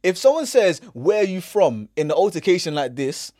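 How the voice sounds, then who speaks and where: A young man with a London accent telling a story on a casual podcast, acting out what people said with slangy, lively delivery. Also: sits high, brisk, dry recording, clean studio sound. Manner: animated, acts out quotes, slangy. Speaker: podcast host.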